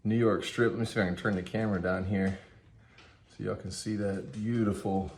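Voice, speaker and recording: A man's voice: fairly low pitch, fairly even intonation, fairly quick, a little mellow, slight background noise. A man in his thirties vlogging casually on a handheld phone as he moves between home, car and an airport lounge, chatting like a storyteller. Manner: chatty storyteller who acts out quotes. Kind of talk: casual vlog chat.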